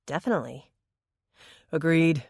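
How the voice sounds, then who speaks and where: A narrator voicing a calm, reasoning father with a deep baritone in an audiobook. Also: unhurried, creaky, breathy edge, no room sound, studio quality. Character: grown man, booming baritone father.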